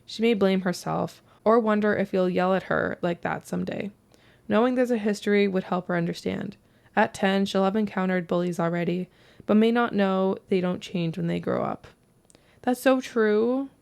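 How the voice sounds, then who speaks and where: A woman co-hosts a podcast, reading comments aloud and then weighing in bluntly. Her voice sits mid-range with a strong gravelly fry running through it. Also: medium pitch, moderate pace, darkish tone. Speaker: podcast co-host. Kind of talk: reading a post aloud, then casual chat.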